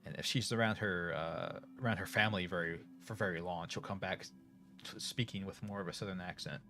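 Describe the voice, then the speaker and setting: A man's voice: low-pitched, steady tone, brisk, sharp tone. A middle-aged man with a Northern US accent chatting casually to viewers, rambling with many fillers and restarts. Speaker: streamer. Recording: faint music behind.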